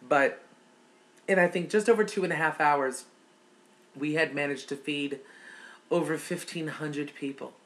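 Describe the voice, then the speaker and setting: A woman's voice: sits low, a bit bright. A middle-aged woman vlogging in a casual, heartfelt chat to her viewers, calling them y'all.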